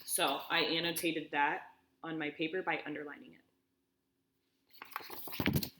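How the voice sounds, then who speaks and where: A woman's voice: low-pitched, level tone, a little slow, very noisy. A woman teacher reading a story aloud and explaining it step by step, often checking in with "okay?". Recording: echoey room.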